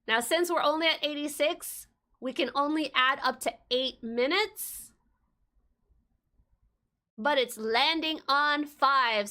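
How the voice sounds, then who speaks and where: Playful young woman streamer, high bright voice. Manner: playful, giggly. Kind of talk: casual livestream chat.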